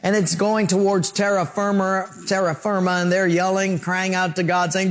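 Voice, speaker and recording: A pastor delivers a sermon in a somewhat high man's voice. He tells vivid stories and acts out quick voices and sound effects to make his points. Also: level tone.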